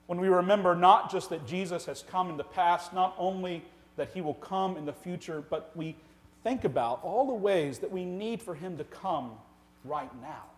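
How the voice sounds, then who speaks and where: A pastor delivering a sermon in a church sanctuary, his voice sitting a little high for a man. He is earnest, presses his points with rhetorical questions, and moves between loud emphasis and quiet, slowed lines.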